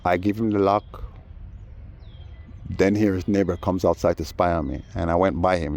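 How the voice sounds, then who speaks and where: Man, low and mellow, casual storyteller who acts out others' voices. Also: normal speed, long pauses. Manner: animated, acts out voices in quoted dialogue. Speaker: vlogger.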